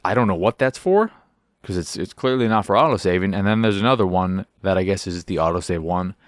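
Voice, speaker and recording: A man with a fairly low voice rambles through a casual video game chat and swears freely. He acts out little scenes as he goes. His sound is close and dry, with no room around it. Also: fairly quick, no echo. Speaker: podcast host.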